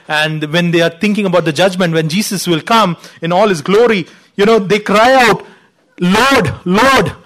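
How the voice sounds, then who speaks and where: High-voiced man preaching a sermon. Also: fairly bright tone. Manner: earnest teaching, rising for emphasis, frequent "you know".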